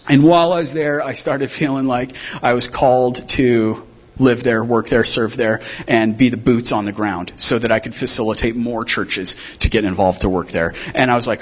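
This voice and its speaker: A man's voice: mid-range voice, fairly even intonation, moderate pace, dull audio. A man preaching a sermon as a missionary guest speaker, telling stories in a casual, humorous way with slang.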